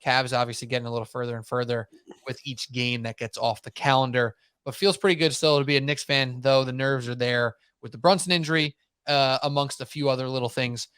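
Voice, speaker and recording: A man hosting a sports podcast in casual chat, talking in animated, rambling runs and mocking himself. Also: mid-range voice, fairly quick, clear, resonant tone, no echo, clean studio sound. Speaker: podcast host.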